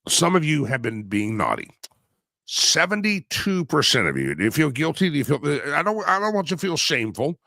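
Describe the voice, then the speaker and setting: A man hosting a talk radio show, his voice hoarse and raspy and wearing out, talking in an animated, teasing way that swings between projecting and mumbling. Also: fairly high pitch, brisk, no room sound, studio quality. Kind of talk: opinionated talk radio monologue.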